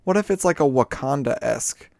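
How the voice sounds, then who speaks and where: A man's voice: medium pitch, animated, moderate pace, gravelly, darkish tone, no echo, clean studio sound. A young man co-hosting a podcast in casual chat, teasing and playful, laughing often. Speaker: podcast co-host.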